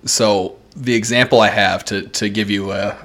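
A man's voice: on the low side, fairly even intonation, moderate pace, a bit bright. A man co-hosting a podcast in casual chat, who laughs often and acts out other people's voices. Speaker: podcast co-host.

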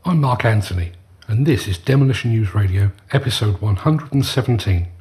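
A man's voice: lowish voice, expressive, brisk, darkish tone. A middle-aged man hosting his own podcast, delivering a scripted monologue in an angry, emphatic way. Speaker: podcast host.

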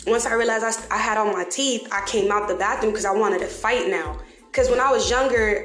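A woman candidly telling her own story to the camera, blunt and heavily profane, with dark humor. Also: medium pitch, fairly even intonation, normal speed. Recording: echoey room with faint music.

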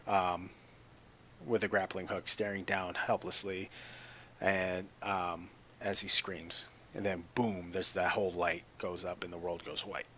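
A man casually retelling a film's plot, pausing often with fillers like "uh" and "um.". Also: fairly low pitch, fairly bright tone, slight background noise. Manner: halting retelling with many fillers. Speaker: narrator.

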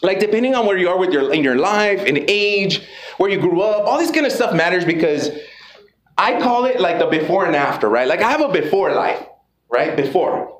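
A man giving an energetic, profane motivational talk to a live audience, calling out to the crowd. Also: high-pitched, moderate pace. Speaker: motivational speaker. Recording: echoey room with background noise.

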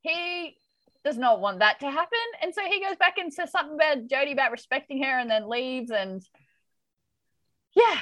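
Animated, lively-voiced woman recapping a show. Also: high voice, normal speed, dry recording. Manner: animated, laughs often, acts out quotes. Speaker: podcast co-host. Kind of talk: casual recap chat.

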